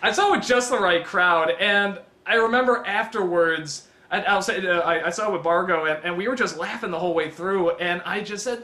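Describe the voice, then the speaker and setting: A man's voice: high voice, brisk, hardly any pauses, sharp tone, reverberant. A man giving a casual spoken film review, rambling with lots of ums and frequent chuckles.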